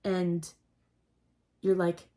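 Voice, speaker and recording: A young adult woman hosting a casual storytelling chat, rambling and excitable, saying "like" constantly. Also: lowish voice, extremely slow. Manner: rambling and excitable, heavy use of "like". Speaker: host.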